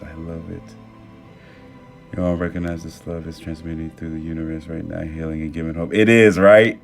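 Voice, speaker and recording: Gravelly low-voiced man on a live stream. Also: moderate pace. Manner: warm, affirming, talks about love and manifesting; excitable bursts with stumbling restarts. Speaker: TikTok live host. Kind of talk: casual live-stream chat reading comments. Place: at home. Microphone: phone. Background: soft music playing.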